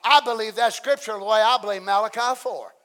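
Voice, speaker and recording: A middle-aged man preaching a fiery sermon as pastor, swinging from hushed asides to loud shouting. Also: high voice, fairly even intonation, fairly quick.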